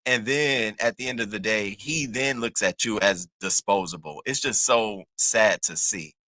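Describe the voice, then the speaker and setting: A man dishes online drama in an animated, sassy style, swearing freely and leaping into high squeals. His voice is bright and sharp. The sound is dry and close, with no room echo. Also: a little slow. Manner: animated and sassy, lots of slang and cussing; jumps into high squealing bursts. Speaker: commentary host. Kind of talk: casual gossip commentary.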